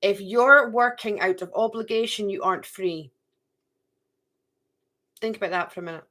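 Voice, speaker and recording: A woman's voice: medium pitch, normal speed, sharp tone. A middle-aged woman giving a live card reading to viewers. She chats, talks to herself and repeats phrases. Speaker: card reader.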